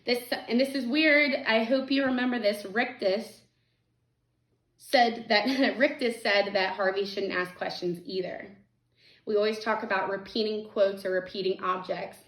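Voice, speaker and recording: A woman's voice: mid-range voice, fairly even intonation, measured pace, fairly bright tone. A woman teacher reads a novel aloud to students and adds casual, chatty asides between passages. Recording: echoey room.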